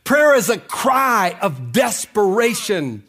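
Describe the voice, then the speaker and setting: A male pastor preaching a sermon, often breaking into a sung cadence and climbing to shouts. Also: high voice, very animated, slow, husky, soft background music.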